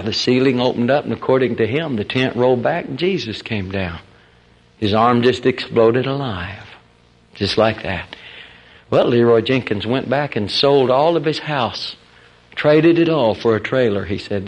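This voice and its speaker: A man delivering a storytelling sermon, his voice slightly husky and set at an everyday middle pitch. He spins folksy, animated anecdotes and breaks into the voices of the people he quotes. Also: normal speed. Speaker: preacher.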